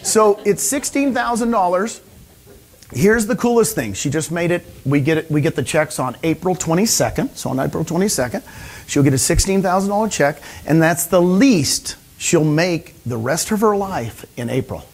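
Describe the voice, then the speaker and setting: A man giving an energetic motivational seminar talk to a live audience, often asking them questions. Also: on the high side, normal speed. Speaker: speaker at a real estate training session.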